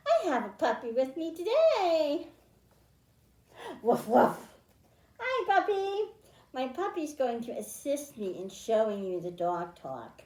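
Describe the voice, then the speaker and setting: A woman librarian leading a children's storytime, reading aloud and explaining in an animated, sing-song way. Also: high voice, a little slow, few pauses. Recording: echoey room.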